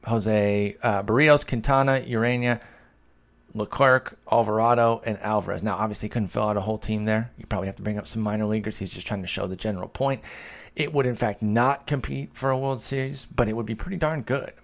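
A podcast host answers listener questions in a casual, chatty yet analytical way, thinking out loud and using fillers. His voice is fairly low and he talks fairly quickly.

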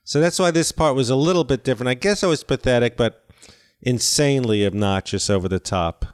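Older guy guest rambling thru stories, kinda self-deprecating, smooth clear voice. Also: mid-range voice, brisk. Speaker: guest, actor and comedian. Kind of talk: casual interview chat.

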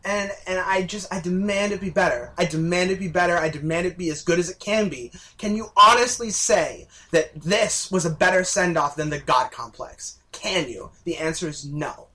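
Podcast co-host, male, high and bright voice, heated, swears a lot. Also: moderate pace, hardly any pauses. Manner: heated, ranting, swears freely. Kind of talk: casual podcast chat.

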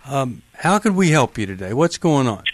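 A man's voice: mid-range voice, big pitch swings, moderate pace, dry recording. A male radio talk show host giving earnest, emphatic and empathetic advice to callers in a studio.

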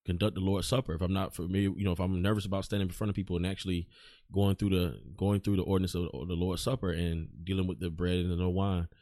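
A man with a very deep voice hosts a relaxed podcast chat, stopping and restarting his sentences often. His voice sits close and dry, with no room sound around it. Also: no echo. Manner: halting, many restarts and fillers. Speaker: podcast host. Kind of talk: casual chat.

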